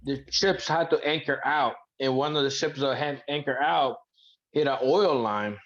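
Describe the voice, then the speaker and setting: A man in casual podcast banter, talking haltingly with many restarts and fillers. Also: medium pitch, fairly bright tone. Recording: dull muffled sound.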